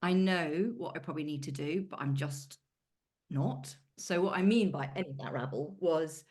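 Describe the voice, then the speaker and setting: A woman's voice: low voice, moderate pace, a little mellow. A British woman talking casually on a group coaching video call, chatty, with everyday British idioms. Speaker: coaching client.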